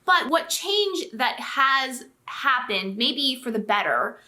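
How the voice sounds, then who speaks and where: A woman co-hosting a realty channel chats casually with her partner. Her voice sits a little high and rings bright. She talks loosely and laughs often. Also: sing-song, slow. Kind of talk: casual chat.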